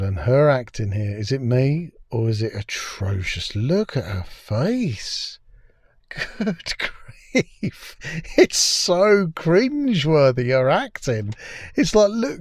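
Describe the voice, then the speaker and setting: A man's voice: mid-range voice, sing-song, slow pace, a little mellow, no echo, clean studio sound. A man giving a scornful, crude, exasperated review of a TV episode. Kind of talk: ranting review commentary.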